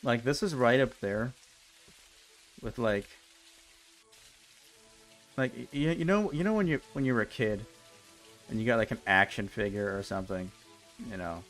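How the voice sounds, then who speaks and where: A man's voice: mid-range voice, expressive, normal speed, long pauses, faint music behind. Exasperated ranting young male streamer. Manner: exasperated ranting, repeats himself. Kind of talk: casual game commentary.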